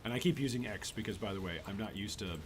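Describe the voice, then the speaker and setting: A man's voice: on the low side, quick pace, noisy background. A man hosting a gaming channel, giving casual gameplay commentary with rambling, exasperated asides.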